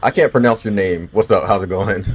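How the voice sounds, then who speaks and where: A man in his twenties with a lowish voice gives laid-back, swear-heavy commentary while he plays a game. He chats loosely with his viewers between fights and is bothered by the hiccups. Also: brisk. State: has the hiccups. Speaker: gaming streamer. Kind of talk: casual gameplay commentary.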